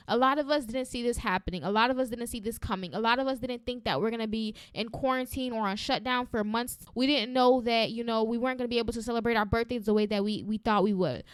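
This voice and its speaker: A woman hosting a faith podcast, talking in an energetic, encouraging and conversational way and often checking in with "right?". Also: on the high side, smooth, no echo, studio quality. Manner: encouraging and preacherly. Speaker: podcast host.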